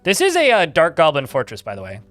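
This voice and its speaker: A man's voice: fairly high pitch, wildly swooping pitch, quick pace, a bit bright, faint music behind. A man giving casual live gameplay commentary, chatting, reading game text aloud and swearing casually. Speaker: game streamer.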